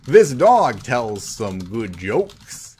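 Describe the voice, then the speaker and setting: A man's voice: mid-range voice, sing-song, extremely slow, darkish tone, faint music behind. A man streaming a cartoon game, reading other players' chat aloud and answering it with mocking sarcasm. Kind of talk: live gameplay commentary.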